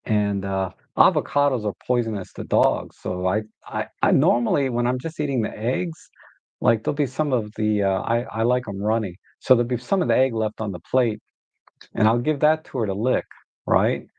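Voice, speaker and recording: A man with a gravelly voice chats casually as host of a photography livestream. He rambles, circling back with fillers and false starts. The sound is dry and slightly dull, like a lo-fi home setup. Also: mid-range voice, lively intonation, normal speed, a little mellow, no echo. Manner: rambling, many fillers and restarts, baby talk to his dog. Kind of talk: casual live-stream chat.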